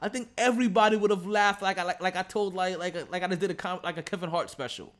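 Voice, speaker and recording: High-voiced casual sports podcast host. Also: male voice, quick pace, a bit bright. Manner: loose, profane and chatty.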